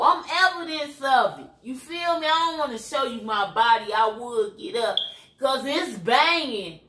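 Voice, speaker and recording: Slow, preachy Chicago woman ranting. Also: a little high, fairly bright tone, roomy sound. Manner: blunt, preachy, streetwise. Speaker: YouTuber. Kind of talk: ranting commentary livestream.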